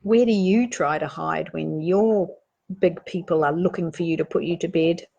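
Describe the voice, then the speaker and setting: A woman with a New Zealand accent reading a children's picture book aloud, gently asking young listeners questions as she goes. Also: fairly low pitch, normal speed, creaky, highs cut off. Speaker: storytime reader.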